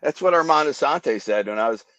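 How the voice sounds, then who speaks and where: A man's voice: medium pitch, lively intonation, brisk, fairly bright tone, dry recording. Podcast guest, male, vivid storyteller who mimics gunfire; dry lo-fi sound. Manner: vivid, acts out gunshots with sound effects. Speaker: guest telling life stories. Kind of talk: animated storytelling.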